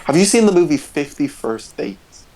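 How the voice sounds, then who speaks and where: A man's voice: on the high side, big pitch swings, normal speed, mellow, rough recording. A man co-hosting a podcast, telling movie stories with plenty of laughter and animation. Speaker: podcast co-host. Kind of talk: casual chat.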